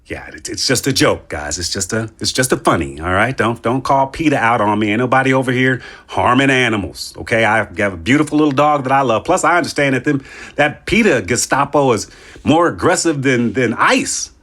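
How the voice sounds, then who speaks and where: A man's voice: medium pitch, expressive, fairly quick, a bit bright. Male podcast host, mid-range voice, loose and jokey, rambling with playful tangents. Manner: joking, rambling, playful asides. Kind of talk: casual podcast chat.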